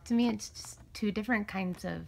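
A woman's voice: mid-range voice, brisk, creaky, a little hiss or hum. A woman chatting enthusiastically as she shows and talks through a series of art prints, often trailing off and restarting. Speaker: tarot vlogger. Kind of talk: casual show-and-tell.

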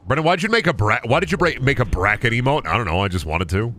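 A man's voice: medium pitch, lively intonation, quick pace, a bit bright, slight background noise. A young man streaming a video game, chatting casually, goofing around and swearing often. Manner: goofy, swears a lot, does silly voices and noises. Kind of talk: casual gaming stream chat.

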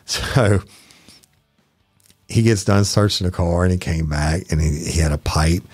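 Very deep husky Southern man. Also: measured pace, a little mellow, dry recording, faint music behind. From Louisiana. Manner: profane, blunt, acts out quoted dialogue. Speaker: podcast host, former detective. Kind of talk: casual true-crime storytelling.

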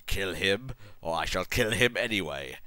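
Man voicing a slow menacing dark lord. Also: low voice, expressive, no room sound. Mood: gloating. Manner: slow, menacing, mock-archaic speech. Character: wrathful evil male dark lord. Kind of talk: comedic dramatic reading.

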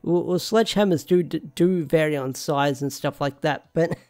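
Young male reviewer, slightly high voice, casual and rambling, thinks aloud. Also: normal speed, a little mellow, faint music behind. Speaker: show reviewer. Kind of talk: casual solo review talk.

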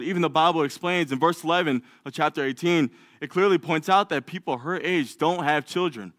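A man delivers a sermon in a church, his voice pitched a little high and recorded close and dry. He reads scripture with the odd stumble and slips into voicing the characters' doubts. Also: a little fast, a bit bright, no room sound. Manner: acts out biblical figures' doubts in a raised voice. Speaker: lay preacher.

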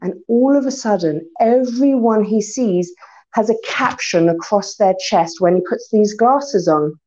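A woman giving a religious community talk, retelling a story in an animated way. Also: medium pitch, measured pace, lo-fi sound. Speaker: speaker.

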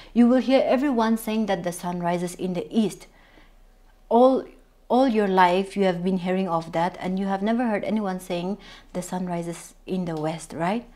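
A woman with a Naga English accent teaching a recorded grammar lesson, stressing points by repeating words and slowing down over examples. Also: medium pitch, dark tone.

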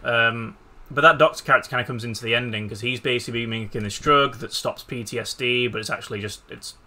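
A man with a very bright, sharp voice co-hosts a gaming podcast. He chats loosely and swears when things go wrong. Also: medium pitch, quick pace. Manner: sweary, exclamatory. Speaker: podcast co-host. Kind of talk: casual chat while gaming.

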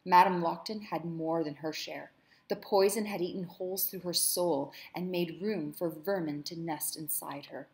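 A woman teacher reading a novel aloud with commentary, measured and expressive. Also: fairly low pitch.

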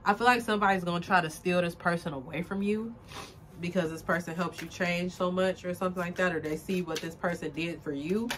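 A woman's voice: lowish voice, fairly quick, a bit bright, slight background noise. Rambling, teary woman tarot reader. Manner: rambling, filler-heavy, emotional and tearful at times. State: close to tears. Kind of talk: casual general tarot reading to camera.

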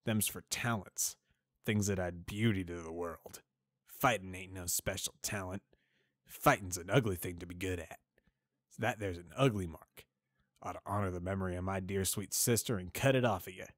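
A man voicing a bitter, drunken old stallion who talks in a slow, slurred drawl. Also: low voice, dry recording, lightly acted. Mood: hateful.

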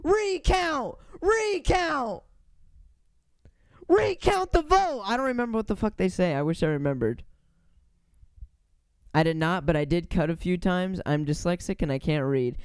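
A man's voice: on the high side, a little fast, darkish tone, clear, resonant tone, dry recording, clean studio sound. A man streaming casually while reacting to a video, loose and self-mocking with frequent swearing.

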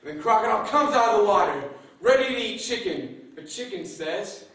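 A man telling a folk tale live to an audience in a playful, animated way, adding sound effects. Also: high voice, moderate pace, hardly any pauses. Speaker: storyteller. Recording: echoey room from far off, faint noise.

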